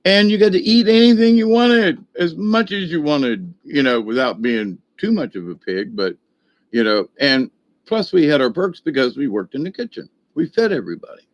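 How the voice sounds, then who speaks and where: A man's voice: on the high side, animated, moderate pace, dry recording, muffled recording. An older man telling a long, rambling folksy story, full of restarts and fillers. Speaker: video host.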